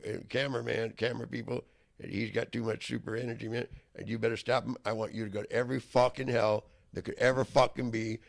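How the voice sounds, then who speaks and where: A man delivers an angry, rambling monologue in a gravelly, rough voice full of vocal fry. His pitch sits in a typical male middle range, and he curses freely while repeatedly erupting into loud outbursts.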